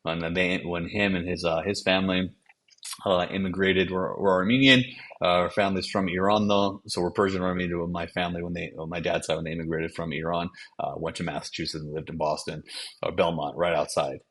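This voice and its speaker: A man's voice: low voice, level tone, fairly quick, a bit bright. A man in his forties, an advertising copywriter, talking casually to camera and rambling from one thought to the next. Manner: rambling, jumps between thoughts. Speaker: advertising copywriter and channel host.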